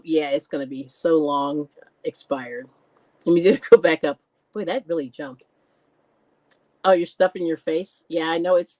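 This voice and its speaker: A woman with a fairly low voice hosts a casual crafting livestream, reading out viewer comments and chatting freely. Her pitch swings widely as she talks, and she laughs often. The sound is dry and close, with no room echo. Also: darkish tone. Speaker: livestream host. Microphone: computer mic on a live stream.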